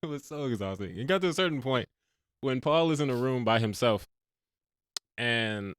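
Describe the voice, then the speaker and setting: A man's voice: mid-range voice, lively intonation, moderate pace, a bit bright, clean tone, no echo. Guy cohosting a movie podcast, jokey, hams up quotes, dry close mic. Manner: jokey, acts out movie lines with laughs. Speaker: podcast co-host. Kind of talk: casual movie review chat.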